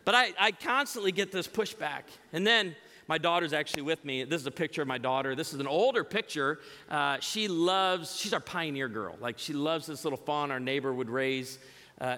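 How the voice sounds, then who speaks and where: A man's voice: mid-range voice, a little fast. A middle-aged man from the Chicago area giving a humorous church message as a guest speaker, telling stories and acting out the voices of people in them. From Chicago area, United States. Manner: animated storytelling, acting out quoted voices. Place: large church auditorium. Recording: reverberant hall.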